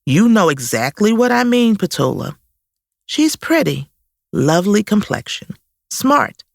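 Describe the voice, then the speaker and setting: A woman's voice: medium pitch, sing-song, a little slow, vocal fry, no room sound, clean studio sound, pitched above the performer's own voice. A woman doing a blunt, critical grandfather. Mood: scolding. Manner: blunt, scolding.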